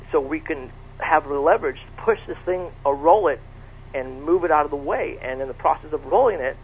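A middle-aged man whose voice is on the high side, gravelly and slightly rough earnestly shares a personal encounter story. He repeats himself a lot and keeps restarting his sentences, heard over a tinny phone line with faint noise.

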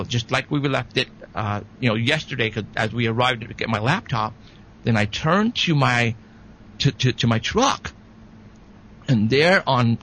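A man, a paranormal investigator, telling an excited, halting story as a guest in an interview. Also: medium pitch, slight background noise, low-quality recording.

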